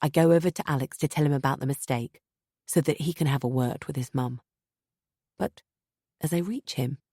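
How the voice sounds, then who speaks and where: A woman narrating a first-person audiobook in a measured way, sometimes sinking to a hush. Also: extremely low pitch, no room sound, clean studio sound.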